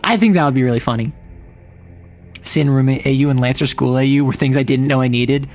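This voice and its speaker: Guy streaming, chatty and excitable, raspy fry in his voice. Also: mid-range voice, soft background music. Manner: excitable, laughing, quick asides. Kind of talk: casual livestream chat.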